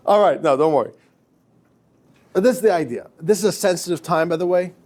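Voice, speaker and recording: A man, a rabbi, lecturing a class in a lively, chatty way, often repeating himself and laughing at his own stories. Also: high-pitched, moderate pace. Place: classroom with students.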